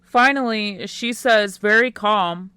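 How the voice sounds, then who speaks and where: A woman narrating a first-person teen romance audiobook in a quiet, unhurried way. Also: medium pitch, clear, resonant tone, no room sound.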